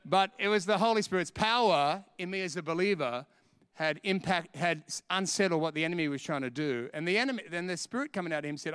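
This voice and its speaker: A middle-aged man from Australia preaching a sermon, telling a personal story in an animated way and laughing at himself. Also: a little high, fast, clean tone, dry recording. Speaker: pastor.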